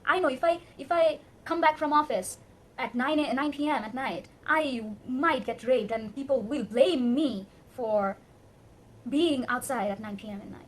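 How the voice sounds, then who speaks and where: A woman's voice: sits high, normal speed, slight background noise. A young woman from Bangladesh with a Bangladeshi accent, delivering an emotional, pleading rant to camera in English as a second language. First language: Bengali. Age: young adult. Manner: impassioned, pleading, emphatic. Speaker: vlogger.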